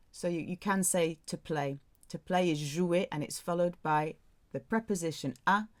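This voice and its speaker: Slow, low-voiced woman teaching French. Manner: slow, deliberate drilling of words. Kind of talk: language lesson.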